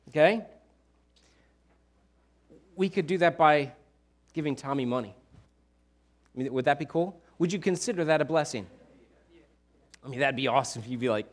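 A man preaching a sermon in a church, casual and animated, pushing up his voice for emphasis. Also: mid-range voice, normal speed, long pauses. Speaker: pastor.

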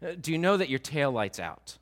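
A man voicing a calm, polite traffic officer speaking in a matter-of-fact way. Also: a little high, a little fast.

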